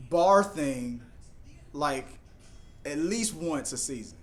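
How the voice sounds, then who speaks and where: A young man hosting a live TV reaction, rambling and joking excitedly as he talks over the episode. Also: slow pace, long pauses. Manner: excitable, rambling, jumps into high put-on voices for jokes. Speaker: reaction video host.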